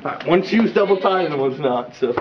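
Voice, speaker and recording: A man with a high voice for his sex, joking around and telling his friends what to do in loose, rowdy banter. The sound is dull and lo-fi, with clear noise in the background. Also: animated, brisk. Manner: bossy, joking, gives orders while fiddling with a costume. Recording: muffled lo-fi phone audio, noisy.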